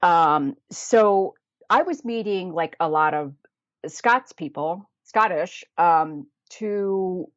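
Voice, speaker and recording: A woman's voice: lowish voice, slow, no echo. An American woman chatting as a guest in an interview, laughing often and trailing off in fillers and restarts. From United States. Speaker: podcast guest, travel planner. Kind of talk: casual interview chat. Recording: dull lo-fi dry sound.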